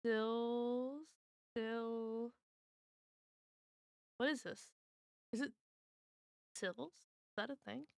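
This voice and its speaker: A woman with a slightly high voice chats her way through word puzzles on a home stream. She speaks slowly and thinks out loud, trying guesses and teasing the others. The sound is close and dry. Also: fairly even intonation, creaky, clean tone, no echo. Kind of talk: casual chat while solving word puzzles.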